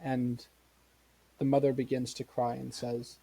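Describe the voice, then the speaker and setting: A man running a tabletop game as game master, narrating in a measured way with fillers. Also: mid-range voice, flat delivery, creaky, dark tone, husky, low-quality recording.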